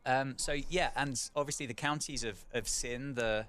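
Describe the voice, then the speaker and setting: A man's voice: mid-range voice, moderate pace. A man commentating live on a county cricket match, chatting between balls and lifting for big moments. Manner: conversational, rising to excited calls at wickets.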